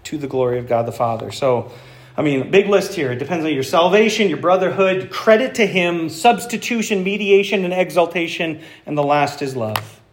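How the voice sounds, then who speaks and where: A high-pitched man preaches a sermon, drawing his congregation in with questions. His voice rings through an echoey church sanctuary. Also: expressive, normal speed. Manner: engaging, asks the congregation questions. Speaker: pastor. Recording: echoey room.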